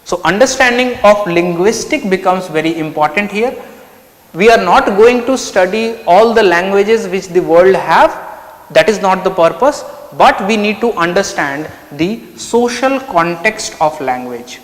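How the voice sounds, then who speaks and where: Male teacher, explanatory, high-pitched, echoey room. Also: lively intonation, measured pace. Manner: explanatory, asks and answers his own questions. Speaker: anthropology teacher. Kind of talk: online lecture.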